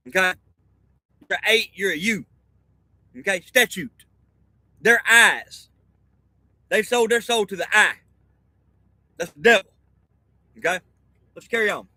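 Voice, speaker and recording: A man's voice: high voice, sharp tone, no room sound, rough recording. A man in a rambling, profane monologue, reading a document aloud and explaining it in a conspiratorial way, with okay after nearly every line. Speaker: self-styled teacher.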